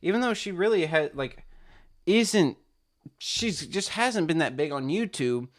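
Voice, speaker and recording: A man's voice: a little high, expressive, unhurried. Rambling man reacting to a video. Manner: rambling, full of restarts and "like". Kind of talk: casual commentary.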